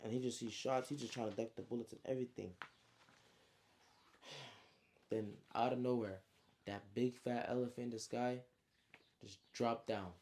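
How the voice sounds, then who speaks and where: A man casually recapping his own story, slangy and animated, with frequent asides. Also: medium pitch, normal speed, long pauses, a little hiss or hum.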